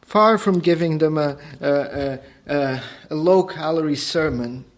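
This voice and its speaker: A preacher with a slightly high voice drives his sermon hard, repeating lines and pressing rhetorical questions. He climbs to forceful, ringing peaks, then drops back low. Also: measured pace. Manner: emphatic, rising to forceful peaks, repeats phrases.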